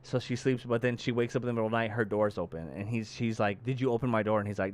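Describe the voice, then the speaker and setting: Guy on a podcast going through a movie plot, smooth clear voice, curses a lot, does little voices for the characters. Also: lowish voice, quick pace. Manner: animated storyteller acting out characters, heavy cursing. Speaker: podcast co-host. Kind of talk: casual chat, retelling a movie plot.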